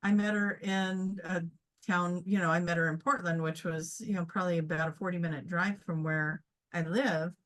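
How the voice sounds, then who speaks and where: A woman's voice: lowish voice, steady tone, normal speed, a bit bright. A woman chatting casually as co-host, earnest and reflective as she shares a story. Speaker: QHHT practitioner, co-host.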